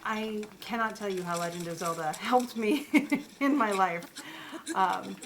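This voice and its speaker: A woman's voice: medium pitch, a little slow, a bit bright, a little hiss or hum. A woman chatting casually while playing a video game, rambling to her viewers and the characters on screen, recorded on a desk microphone at home. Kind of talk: casual gameplay chat. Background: household sounds, dog noises.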